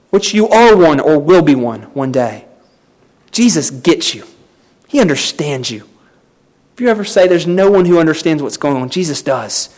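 Male preacher, earnest and emphatic delivery, lively pitch movement. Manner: earnest, emphatic, addresses listeners as friend. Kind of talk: sermon.

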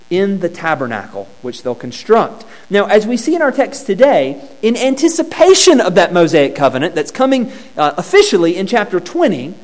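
Man, preacher, sermon, high voice, very expressive pitch, conversational, light humor, restarts phrases. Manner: conversational, animated teaching with a touch of humor; repeats words as he restarts phrases.

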